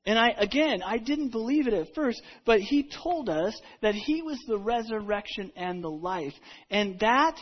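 Woman, husky, first-person disciple storytelling, halting restarts, hushed-to-loud swings, muffled lo-fi recording. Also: a little high, expressive. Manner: halting, with repeated words and restarts. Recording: dull lo-fi recording.

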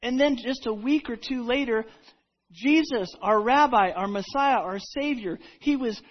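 A woman with a breathy, fairly high voice tells a Bible story in the first person as one of the disciples. She stumbles and restarts often and swings from near-whispers to loud, dramatic moments. The recording sounds dull and lo-fi. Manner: halting, with repeated words and restarts.

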